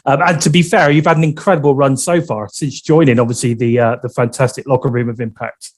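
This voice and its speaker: A man with an English accent hosting a casual interview podcast, chatty and filling pauses with um and uh. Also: mid-range voice, fairly even intonation. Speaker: podcast host.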